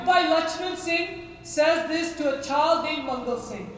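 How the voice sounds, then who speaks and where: A man's voice: very high voice, steady tone, moderate pace, hardly any pauses, slight background noise. A male preacher telling a story in a sermon, passionately addressing his congregation directly. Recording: echoey hall with long reverb.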